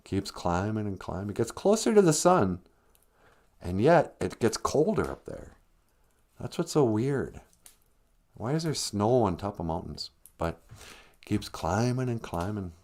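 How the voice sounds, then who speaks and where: A man hosting a podcast tells a comic fairy tale in a rambling, jokey way, laughing at his own story. His fairly low, slightly mellow voice is very animated and keeps a measured pace.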